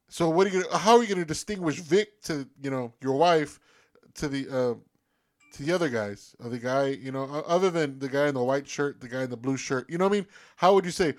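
A man co-hosting a casual podcast chat, talking in a hesitant, halting way with many restarts. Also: fairly high pitch. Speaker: podcast co-host.

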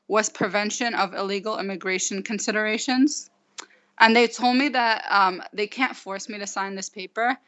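A woman in her twenties from the United States, recounting events in a halting way with many fillers and restarts. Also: mid-range voice, bright, forceful tone. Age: 20s. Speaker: interview guest. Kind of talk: casual recounting. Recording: dull lo-fi recording.

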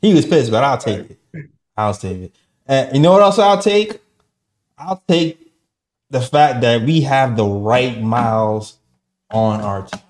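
A man's voice: mid-range voice, lively intonation, a little slow, long pauses, darkish tone. A man co-hosting a postgame show, talking in a hyped, slangy, joking way. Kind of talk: casual sports chat.

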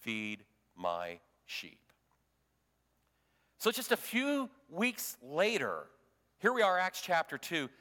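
A man preaching a sermon as pastor, swinging from loud emphasis to hushed tones. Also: high voice, very animated, unhurried, in a large hall.

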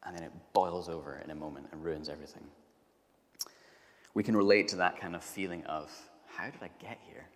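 A man's voice: sits low, steady tone, brisk, long pauses. A man giving a sermon, telling a comic everyday story with exasperated asides. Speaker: preacher. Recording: long hall reverb.

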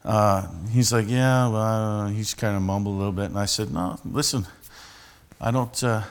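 A man's voice: fairly low pitch, fairly even intonation, moderate pace, clean tone. A man, a street preacher telling a story and teaching in a conversational sermon style with many restarts.

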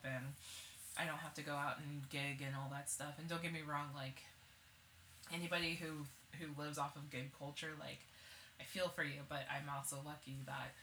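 Chatty young woman in an echoey room. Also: deep voice. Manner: animated storyteller, laughs often, shouts when acting out stories. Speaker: podcast co-host. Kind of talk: casual chat. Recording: echoey room with faint noise.

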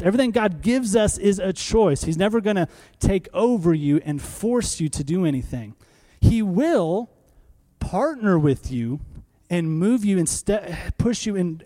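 A man in his thirties, a pastor, preaches unhurriedly in a warm, mellow voice that runs a little high. He addresses the congregation conversationally and with animation, asking one rhetorical question after another.

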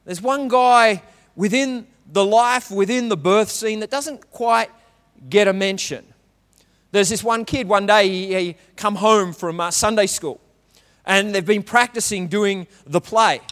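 A man's voice: high voice, measured pace, fairly bright tone, long reverb tail. A man preaching a conversational sermon and asking the congregation questions. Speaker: pastor.

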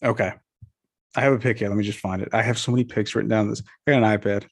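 A man's voice: fairly low pitch, steady tone, fast talker, slightly rough. Laid-back stat-quoting man. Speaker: sports betting podcast co-host. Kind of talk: casual podcast chat.

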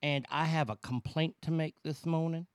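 A man's voice: a little high, steady tone, normal speed, clean tone, dry recording, studio quality, close to an everyday voice. A man playing a prank caller with a chipped-tooth lisp, making a rambling, mock-earnest complaint.

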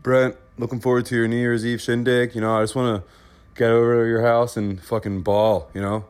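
A man's voice: mid-range voice, level tone, a little fast, darkish tone, clean tone. A man in a casual voice memo, laid-back and profane, getting hyped about playing basketball.

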